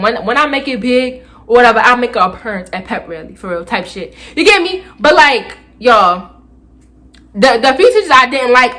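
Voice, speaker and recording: High bright young woman telling a story. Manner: animated, profane, leaps into loud re-enacted outbursts. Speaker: vlogger. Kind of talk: storytime vlog.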